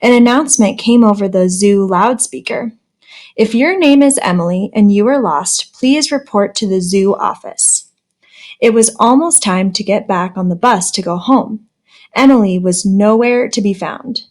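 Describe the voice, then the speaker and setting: A woman reading a children's chapter book aloud, with lively pitch jumps for the quoted characters. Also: moderate pace. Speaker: read-aloud storyteller.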